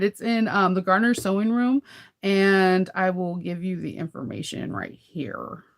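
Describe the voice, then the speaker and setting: A woman's voice: fairly low pitch, gravelly. Chatty woman sewing host. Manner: rambling, chatty, laughs often. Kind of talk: casual live chat with viewers.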